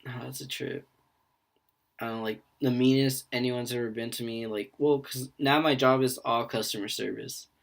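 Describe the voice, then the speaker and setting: A young man with a mid-range voice talks about his service job in loose podcast chat. He is jokey and quick to jump in. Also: mid-range voice, fairly even intonation, creaky. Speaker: podcast co-host. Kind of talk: casual chat.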